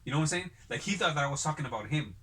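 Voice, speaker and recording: A man's voice: on the high side, animated, rapid-fire, sharp tone. Man telling rambling, cursing stories. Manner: rambling profane storyteller. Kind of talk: casual chat.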